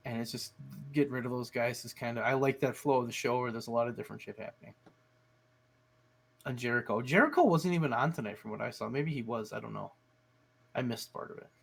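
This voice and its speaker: A man co-hosting a casual podcast chat, telling animated stories and swearing freely. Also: medium pitch, fast, gravelly, breathy edge. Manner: animated storyteller, swears a lot. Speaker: podcast co-host.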